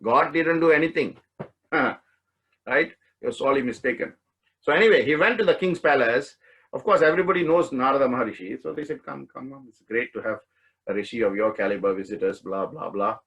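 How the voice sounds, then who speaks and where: A man teaching an online spiritual study course, telling a story in a relaxed way and laughing often. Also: mid-range voice, a little fast, slightly rough, highs cut off. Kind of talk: storytelling talk. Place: online class session.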